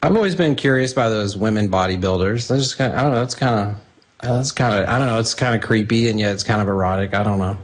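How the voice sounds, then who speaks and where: A man appearing as a filmmaker guest on a talk show, chatting in a relaxed, easygoing way and laughing often. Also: fairly low pitch, quick pace. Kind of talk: casual interview banter.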